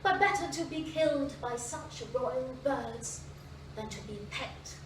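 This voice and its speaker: A woman storyteller voicing a frightened, sad young male duckling in a low, hushed voice. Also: animated, unhurried, roomy sound, distant mic, noisy background. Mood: fearful, resigned.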